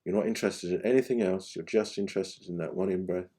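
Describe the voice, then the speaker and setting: A man leads a guided meditation lesson in a deep, mellow voice. He speaks gently and without hurry, his sentences often sinking to a soft, quiet finish. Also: slightly rough. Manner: gentle, unhurried, phrases trailing off softly. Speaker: meditation teacher.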